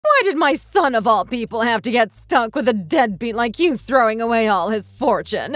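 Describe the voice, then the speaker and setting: A woman's voice: fairly high pitch, a bit bright, no echo. A woman voicing a domineering mother-in-law in her sixties who scolds with contempt in a texting-story drama. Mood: scornful. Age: 60s.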